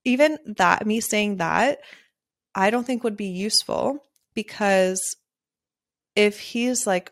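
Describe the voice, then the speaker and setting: A chatty woman hosts her own podcast, speaking candidly at an ordinary middle pitch and laughing often between thoughts. She talks freely and loosely, swearing here and there. Her voice sits close to the mic in a dry, deadened space. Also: slow pace, no echo. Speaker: podcast host and wedding photographer. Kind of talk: casual solo podcast monologue.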